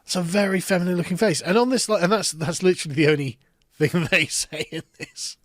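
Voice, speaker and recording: Brief: a man commentating in an online video, a bit high-pitched, dismissive, dry close sound. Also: fairly quick, a bit bright, dry recording.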